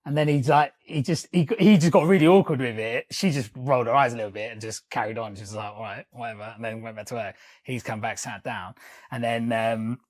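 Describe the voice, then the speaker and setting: A man's voice: medium pitch, brisk. A man, co-hosting a podcast and telling office stories in casual chat, laughing and swearing freely. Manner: animated storyteller, laughs often, swears casually. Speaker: podcast co-host.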